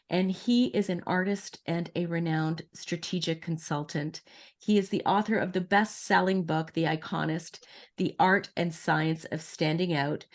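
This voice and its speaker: A woman hosts a podcast interview with slow, careful delivery. Her voice sits somewhat low. She introduces her guests and asks her questions in a measured, deliberate way. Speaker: podcast host. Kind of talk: reading a guest introduction, then casual interview.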